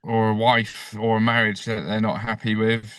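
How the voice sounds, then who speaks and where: A male comedian guest on a casual podcast, talking crudely and bursting into loud rants. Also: on the low side, monotone, normal speed, no room sound, studio quality. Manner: crude, bursts into ranting shouts.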